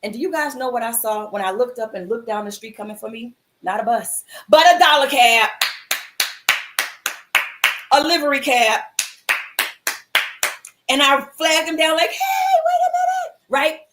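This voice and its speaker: High-voiced woman telling an animated story. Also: unhurried, pauses often, background noise. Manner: animated, acts out quoted voices, casual slang. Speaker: host of a mindfulness livestream. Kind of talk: inspirational storytelling to viewers. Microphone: livestream computer mic.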